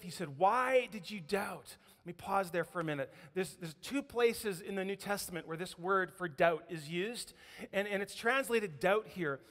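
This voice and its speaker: A man with a fairly high voice preaches in a church. He tells the story with lively energy and puts on voices for the quotes. A long reverb from the hall trails behind his words. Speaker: pastor. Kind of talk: sermon. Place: church sanctuary.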